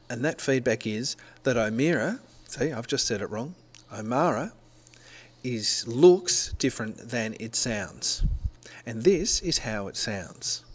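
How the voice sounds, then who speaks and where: A middle-aged man from Australia, a teacher, giving a recorded presentation in a conversational way, correcting himself as he explains step by step. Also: mid-range voice.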